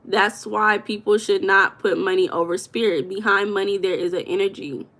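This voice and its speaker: A woman's voice: mid-range voice, steady tone, moderate pace, fairly bright tone. A woman hosting a live stream, chatting casually and reading viewers' comments aloud with an affectionate manner. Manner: affectionate, calls viewers baby.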